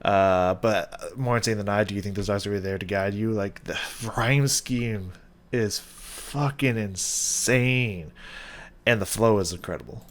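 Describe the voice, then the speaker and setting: A man hosting a casual reaction video, excitable, swearing often and laughing between thoughts. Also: fairly low pitch, a little slow.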